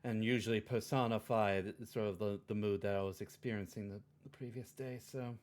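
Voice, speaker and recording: A man voicing a calm, curious elf woman adventurer in a tabletop game, musing in a measured way. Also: fairly low pitch, a little hiss or hum, natural voice. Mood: explaining. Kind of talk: in-character tabletop role-play.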